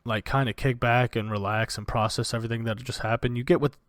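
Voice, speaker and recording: A man's voice: mid-range voice, steady tone, quick pace, no room sound, clean studio sound. A man narrating as dungeon master of a tabletop game, loose and chatty, often laughing.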